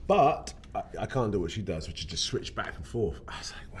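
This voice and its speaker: An actor in his forties chatting in an interview, relaxed and unhurried. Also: on the low side. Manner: relaxed, laid-back, unhurried. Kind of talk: casual interview chat. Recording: faint background noise.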